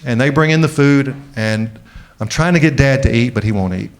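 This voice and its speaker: A middle-aged man speaks to a conference audience in a heartfelt storytelling manner. He often slows and softens when the story turns emotional, then builds up again as he makes his point. His voice sits at an ordinary pitch for a man. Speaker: keynote speaker. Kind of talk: conference keynote speech. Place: large conference venue.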